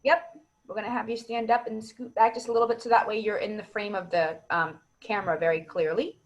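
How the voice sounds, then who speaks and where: Talking fairly quickly in a steady, mid-range voice, this acting coach encourages her online students over a video call, patiently explaining at length. The call microphone loses the high frequencies.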